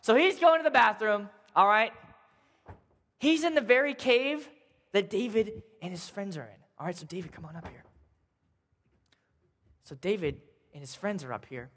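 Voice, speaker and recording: A man's voice: sits high, expressive, moderate pace, long pauses, fairly bright tone, big-room sound. A man telling a Bible story as a casual, jokey sermon, acting out the characters for a young crowd. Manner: casual, jokey, acts out voices.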